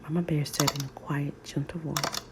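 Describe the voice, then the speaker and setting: A woman reading a children's story in soft ASMR whispers, over loud nail tapping clicks. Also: deep voice, flat delivery, very noisy. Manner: soft, slow, soothing reading.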